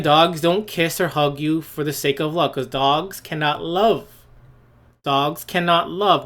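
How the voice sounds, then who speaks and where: A man's voice: a little high, a bit bright. A man hosting a solo opinion podcast, blunt and scornful, firing rhetorical questions and restarting his phrases as he goes. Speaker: podcast host. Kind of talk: opinion monologue.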